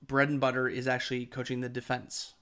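A man's voice: medium pitch, completely flat delivery, brisk, a bit bright, clear, resonant tone. A man co-hosting a podcast, casually explaining football news to his co-host with enthusiasm and plenty of fillers. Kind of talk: casual chat.

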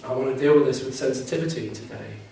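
A man's voice: medium pitch, fast, dark tone, slight background noise. Man preaching in a very echoey hall. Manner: earnest, emphatic, repeats key phrases. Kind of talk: sermon. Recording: very echoey room, mic at a distance.

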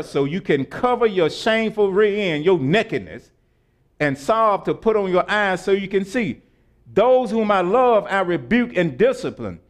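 Animated high-pitched male preacher. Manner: animated preaching with laughs and call-and-response. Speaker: pastor. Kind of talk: sermon.

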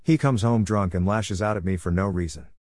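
A man's voice: low voice, brisk, a little mellow, no echo, clean studio sound, natural voice. A man reading a bitter, battered mother. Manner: bitter, accusing. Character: fed-up battered mother, adult woman.

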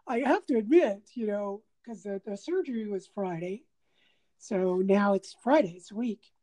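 A woman's voice: medium pitch, measured pace, low-quality recording. A middle-aged woman in casual chat, telling a story with lots of laughter and acted-out quotes. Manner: animated storyteller, laughs often, acts out quotes.

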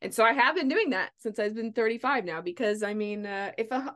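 A woman in her forties chatting casually, telling a story with lively acted-out quotes. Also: fairly high pitch, brisk. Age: 40s. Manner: animated storyteller, acts out quotes. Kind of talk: casual chat.

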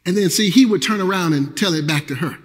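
A man preaching a sermon as pastor, energetic and earnest, repeating phrases and swinging between loud calls and quiet lows. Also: fast. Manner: repeats phrases and restarts with a casual preaching rhythm. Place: church sanctuary. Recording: long church hall reverb.

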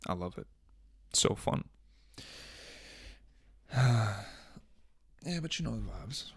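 A young man hosting a casual solo podcast, rambling and swearing with jokes, often coughing and clearing his throat into a close microphone. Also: fairly low pitch, very animated, measured pace, pauses often, no echo. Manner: rambling, profane, jokey, drifts between loud bits and mumbling. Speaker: podcast host. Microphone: studio microphone up close.

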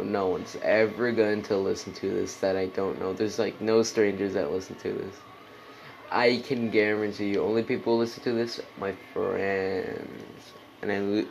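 A man's voice: fairly low pitch, gravelly, a little hiss or hum, rough recording. A man hosting a casual solo podcast, rambling and swearing, with lots of "like" and "dude". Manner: rambling, profane, heavy on "like" and "dude". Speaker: podcast host.

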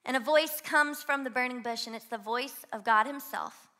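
Bright-voiced woman preacher with a Louisiana twang. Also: sits high, normal speed. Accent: Southern US, Louisiana. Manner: energetic, exhorts the crowd to shout along. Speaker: guest pastor. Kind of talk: sermon. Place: church auditorium.

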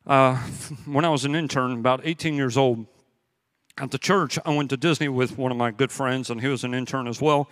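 A man's voice: mid-range voice, steady tone, normal speed, a bit bright. A man preaching a sermon as pastor, telling stories in a conversational way and hammering points home by repeating them. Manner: conversational storytelling with emphatic repetition. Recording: long hall reverb.

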